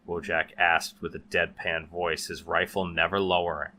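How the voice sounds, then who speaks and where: A man narrating a horror story in a steady, measured way. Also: sits low, a little hiss or hum.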